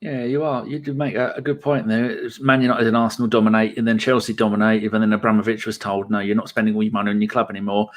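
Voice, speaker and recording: A man's voice: lowish voice, level tone, quick pace, hardly any pauses. A man hosting a podcast in casual chat, laughing often and reading viewer messages aloud. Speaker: podcast host.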